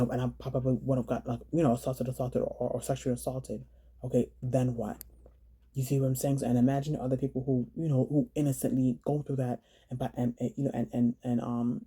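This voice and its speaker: A woman telling her own story in a vlog, halting and earnest, often repeating words and phrases. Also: rumbling low, warm tone, husky. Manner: earnest, urging viewers to slow down.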